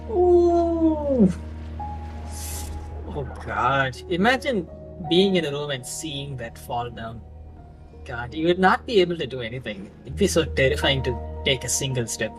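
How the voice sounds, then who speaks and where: A man reacting out loud while watching a film, blurting exclamations and swearing. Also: mid-range voice, expressive, normal speed, faint music behind. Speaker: film reviewer.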